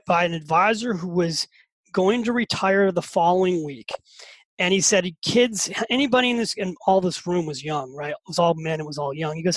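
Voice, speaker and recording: A man in his fifties, a podcast guest and author telling a story in a lively, animated way and often repeating words as he gets excited. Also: high voice, no room sound, rough recording. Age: 50s. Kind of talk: casual storytelling.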